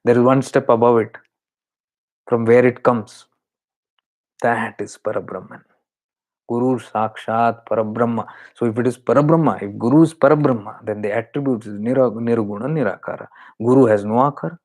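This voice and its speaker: Man, Indian accent, spiritual teacher, earnest, emphatic repetition, mid pitch. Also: a little fast, darkish tone. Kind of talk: spiritual talk.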